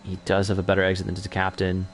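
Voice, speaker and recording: A man's voice: sits low, completely flat delivery, fast, slight background noise. A young man commentating an online racing league in a chatty, self-correcting way that picks up during on-track battles. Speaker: race commentator.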